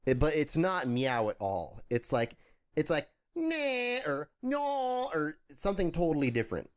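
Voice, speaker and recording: Man, comedy podcast co-host, lively swooping delivery, deadpan teasing. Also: medium pitch, normal speed. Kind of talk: casual comedic chat.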